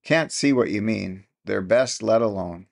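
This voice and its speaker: Man doing a gruff, grumbling old farmer. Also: on the low side, unhurried. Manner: blunt, grumbling rustic speech. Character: gruff, impatient older farmer husband.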